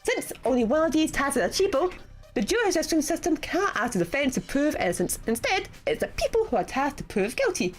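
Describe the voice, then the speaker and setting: A woman voicing a sharp-tongued female defense lawyer, explaining in a brisk, blunt way. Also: high-pitched, sing-song, soft background music.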